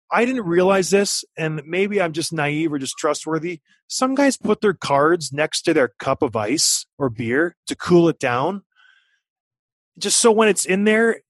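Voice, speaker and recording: A man in his thirties telling a story in casual chat, animated and acting out what people said. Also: on the high side, no echo. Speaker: podcast guest, former hockey player.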